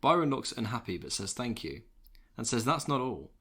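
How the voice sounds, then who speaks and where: Bright-toned podcast host. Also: male voice, mid-range voice, very animated, moderate pace, breathy edge. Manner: reads recaps, then chats loosely. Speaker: podcast co-host recapping wrestling. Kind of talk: casual podcast recap.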